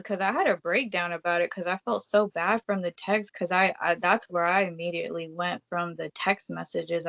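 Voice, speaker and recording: A woman's voice: lowish voice, dry recording. A woman telling a personal story in a casual, chatty way, full of fillers and acting out what she said to others. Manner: chatty, filler-heavy, acts out her own quoted lines. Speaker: vlogger.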